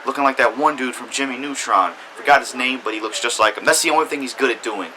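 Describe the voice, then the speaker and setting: A man's voice: medium pitch, quick pace, pushed and bright, slight background noise, poor audio. A man ranting through a blunt, swear-heavy music review. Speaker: music reviewer, channel host.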